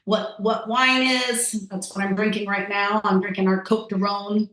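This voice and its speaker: A woman's voice: medium pitch, little pitch movement, measured pace, fairly bright tone. A woman chatting casually as a podcast guest, rambling with lots of fillers. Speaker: guest, tasting-room wine server. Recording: echoey room.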